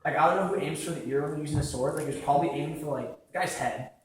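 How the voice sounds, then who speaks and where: A young man giving a casual sermon, talking conversationally with lots of "like" fillers and acting out quick quotes. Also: a little high, slight background noise. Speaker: preacher. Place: large echoing church hall. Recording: very echoey hall from far off.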